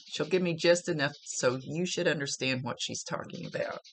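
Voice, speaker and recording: A woman's voice: sits low, moderate pace. A woman working as a psychic medium, talking through a spiritual reading in a rambling, casual way, often searching for words.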